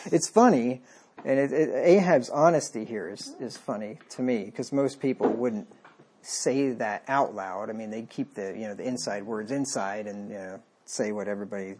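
A man's voice: mid-range voice, a little mellow, breathy edge. A man preaching a conversational sermon, reading scripture aloud and wryly acting out the lines of the people in it. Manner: conversational, wry, acts out the king's lines.

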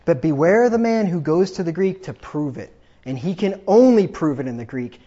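A man's voice: on the high side, expressive, normal speed, mellow, husky, highs cut off. A man preaching a sermon from the pulpit, emphatic and combative, often repeating himself for force. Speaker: pastor.

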